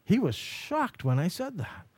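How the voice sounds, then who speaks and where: A high-pitched, very animated, slightly rough male voice delivers a Christian mission lecture at a measured pace, recorded with no room sound. Teaching a mission course, he tells stories conversationally, asks rhetorical questions, and performs quoted dialogue within his anecdotes.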